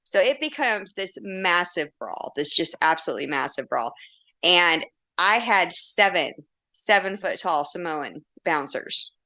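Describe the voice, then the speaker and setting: A candid woman in her forties tells stories in casual podcast chat. Her voice sits low and lands with bright force. She acts out what others said and laughs easily. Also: a little slow. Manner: animated, acts out quotes, laughs often; blunt and candid. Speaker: podcast guest.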